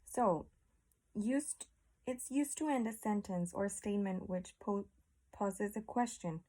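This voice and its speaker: A woman's voice: mid-range voice, takes it slowly, dark tone. A woman teaching a class, explaining patiently and asking her students questions. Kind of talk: classroom lesson.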